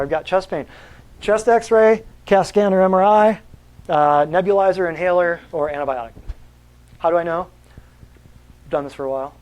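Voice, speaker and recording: A man teaching a natural health class, lecturing in an animated, preachy way and firing rhetorical questions at his students. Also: high voice, rough recording.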